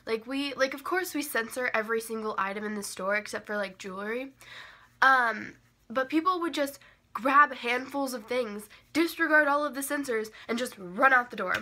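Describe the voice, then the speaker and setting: A young woman chats through a storytime vlog in a bright, slightly high voice. She leans heavily on "like" and "um" as she goes, and her pitch jumps up when she stresses a point. The delivery is loose and conversational. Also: moderate pace. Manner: chatty, heavy use of "like" and "um" fillers; animated, jumps up in pitch for emphasis. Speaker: vlogger telling a story. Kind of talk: casual storytime chat.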